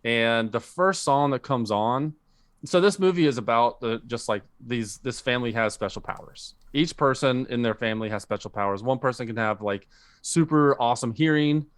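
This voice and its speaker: A man's voice: mid-range voice, moderate pace, clear, resonant tone, dry recording. A man co-hosting a podcast, chatting casually about movies and rambling with lots of fillers and restarts. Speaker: podcast co-host. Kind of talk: casual chat.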